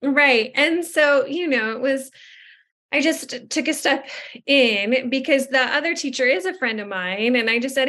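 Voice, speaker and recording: A woman's voice: sits high, a little slow, pushed and bright. A woman hosting a podcast interview, chatting and telling a rambling story about her work as a speech therapist. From Southern California. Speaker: podcast host, speech-language pathologist. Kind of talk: conversational interview.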